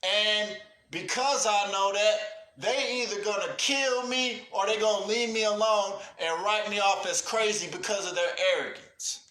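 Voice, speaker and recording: A man's voice: high-pitched, fairly even intonation, unhurried, hardly any pauses, pushed and bright, echoey room. A man ranting on a livestream with profane urgency, calling out cowards and praising his viewers. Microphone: livestream setup.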